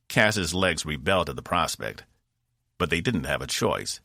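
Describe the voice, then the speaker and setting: Gravelly deep-voiced male narrator. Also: lively intonation, bright, forceful tone, no room sound, studio quality. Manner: measured storytelling. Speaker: audiobook narrator. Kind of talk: scripted narration.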